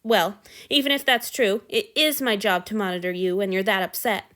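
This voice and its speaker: A woman's voice: medium pitch, normal speed, fairly bright tone, close to an everyday voice. A woman voicing a brusque but caring male god in a fan fiction reading, with a blunt, curt, exasperated way of talking.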